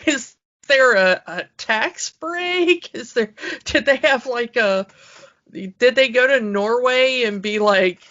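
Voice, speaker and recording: A woman's voice: fairly high pitch, expressive, slow, fairly bright tone. Chatty woman podcast co-host, lo-fi. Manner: chatty, rambling with frequent fillers and laughs. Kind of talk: casual chat.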